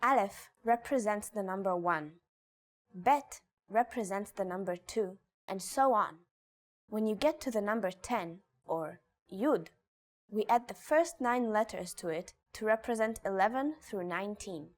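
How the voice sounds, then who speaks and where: Slow, careful woman teaching Hebrew letters. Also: medium pitch, animated. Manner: slow, careful pronunciation of example words. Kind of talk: scripted language lesson.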